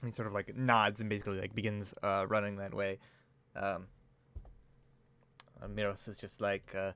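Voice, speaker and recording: A man's voice: fairly low pitch, flat delivery, moderate pace, pauses often, a bit bright, clear, resonant tone. A man narrating as game master, loose and full of fillers.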